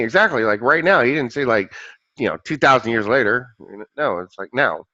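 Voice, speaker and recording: A man's voice: mid-range voice, expressive, fairly quick, sharp tone, no room sound, muffled recording. A man in casual conversation who rambles with many restarts and acts out the voices in a joke he tells.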